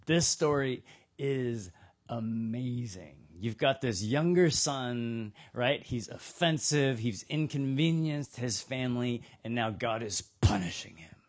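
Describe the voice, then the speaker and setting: A man's voice: mid-range voice, normal speed, lightly acted. A man putting on the voice of smug, self-righteous religious leaders who gloat over a sinner's downfall. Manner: gloating, mock-pleased.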